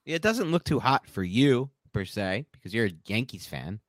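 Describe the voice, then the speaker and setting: Male sports podcast host, animated and opinionated, very dry close-miked sound. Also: mid-range voice, moderate pace, dry recording. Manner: animated, opinionated, laughs mid-sentence. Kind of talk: casual sports talk.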